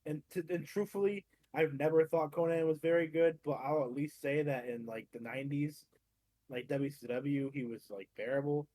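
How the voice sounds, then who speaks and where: A man co-hosting a casual podcast, giving opinions with stammered restarts and the odd curse. His voice sits fairly high. The recording is dry and close. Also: moderate pace, dry recording. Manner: relaxed, stammering restarts, swears for emphasis. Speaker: podcast co-host. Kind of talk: casual chat.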